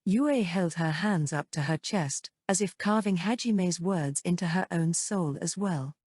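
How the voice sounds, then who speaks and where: A woman with a low, husky voice narrates an audiobook from a script. She sounds unhurried and a little mellow, recorded with clean studio sound and no echo.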